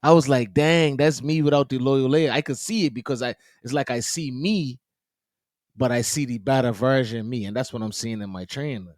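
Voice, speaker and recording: A man tells stories on a podcast, his voice leaping up when he gets excited and dropping low for asides. He talks loosely and slangily, close to the mic in a dry, dead room. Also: brisk, no echo. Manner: animated storyteller, quotes people in his own voice; loose slangy talk with frequent "you know what I'm saying". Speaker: podcast co-host. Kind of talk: casual chat.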